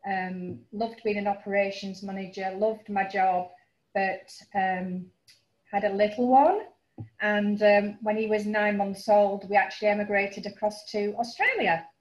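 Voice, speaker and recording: A woman's voice: mid-range voice, steady tone. Chatty Yorkshire woman on a call. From northern England. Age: middle-aged. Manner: chatty, frequent um fillers, quick asides. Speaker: finance broker. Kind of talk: casual webinar presentation. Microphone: video call. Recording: roomy, dull lo-fi call audio.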